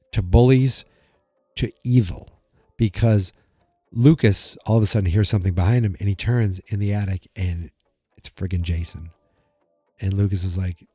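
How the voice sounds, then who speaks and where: A man recaps an episode for his podcast in a chatty, hesitant way, full of fillers, and he briefly acts out what the characters say. His voice sits low and sounds dark and mellow. The recording is dry and close to the mic. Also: normal speed, dry recording. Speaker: podcast host.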